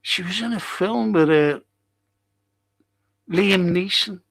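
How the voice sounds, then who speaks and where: A man with a high, slightly bright voice and vocal fry speaks slowly, with no room sound. He hosts a football fan live stream, reading out and answering viewer comments as he rambles casually, wanders off topic, and swears now and then.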